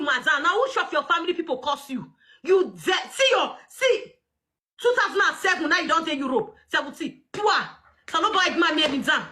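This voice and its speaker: Nigerian pidgin lady hosting a live stream, really high bright voice, loud and teasing. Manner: loud, mocking, often laughing and shouting. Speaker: livestream host. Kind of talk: casual livestream chat.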